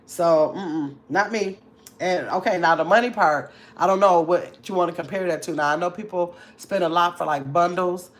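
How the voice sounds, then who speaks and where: This is an older woman, hosting a relaxed livestream. Her voice sits somewhat low, and she chats freely, reading viewers' comments aloud and answering them with lively little asides. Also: moderate pace. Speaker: livestream host reading chat. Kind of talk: casual livestream chat.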